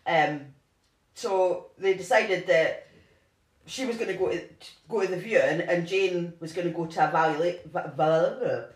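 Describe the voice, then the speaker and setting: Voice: mid-range voice, a little slow. A co-host casually retelling a true-crime story, rambling with lots of "like" and restarts. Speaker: podcast co-host. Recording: roomy echo.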